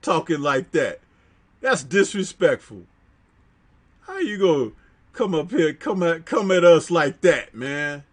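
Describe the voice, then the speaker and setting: A man's voice: on the high side, sing-song, slow, long pauses. A man hosting a livestream, reading chat aloud and reminiscing in slangy casual talk, laughing often.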